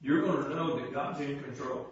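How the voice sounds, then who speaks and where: Folksy preacher in an echoey church. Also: male voice, mid-range voice, normal speed. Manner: folksy, repetitive, building to impassioned shouting. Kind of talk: fervent sermon. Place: church sanctuary. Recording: very echoey church sound from far off, dull.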